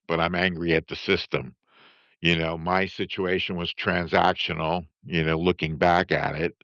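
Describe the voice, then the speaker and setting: An older man giving a halting, emotional statement as an interview guest, often repeating "you know what I mean.". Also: deep voice, a bit bright, clean tone, no echo. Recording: dull, dry lo-fi sound.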